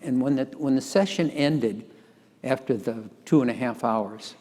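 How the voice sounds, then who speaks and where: A man's voice: medium pitch, measured pace, long reverb tail. An older man telling an anecdote in an oral-history recording, acting out the dialogue with animation. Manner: animated storyteller, acts out dialogue. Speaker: tax lawyer telling a story.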